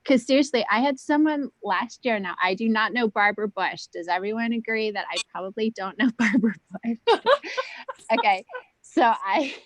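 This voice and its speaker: A woman chatting as a guest on a video call, rambling with lots of "like" and "um" and at times dropping her voice to a hush. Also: mid-range voice, dry recording, rough recording. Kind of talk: casual video call chat.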